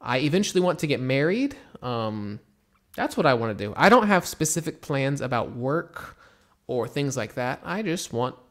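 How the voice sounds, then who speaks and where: A young American man teaching English in a casual live stream, slowly repeating example phrases and answering questions. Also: mid-range voice. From United States. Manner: relaxed, slow repetitions of example phrases, mixes in Turkish.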